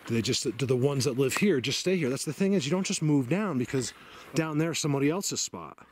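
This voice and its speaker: A man's voice: mid-range voice, animated, fairly quick, slight background noise. Chatty out-of-breath man hiking outdoors. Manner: rambling, chatty, laughs often. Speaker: vlogger. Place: snowy mountain woods outdoors.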